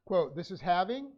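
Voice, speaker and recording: Male Bible teacher, slightly high voice, halting dictation full of "uh"s, muffled stream audio. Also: vocal fry, husky. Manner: dictates notes slowly with many fillers. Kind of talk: Bible class lecture.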